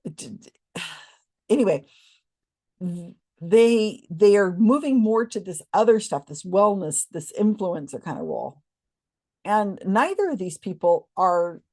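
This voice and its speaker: A woman's voice: mid-range voice, darkish tone. A woman in casual chat, skeptical, sighing and scoffing as she argues a point. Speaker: co-host.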